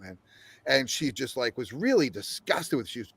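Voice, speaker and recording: A man's voice: mid-range voice, moderate pace, vocal fry, breathy edge, no room sound. An older man, a game developer guest, telling a long story in an interview with frequent laughs and acted-out quotes. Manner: animated storyteller, laughs often, acts out quotes.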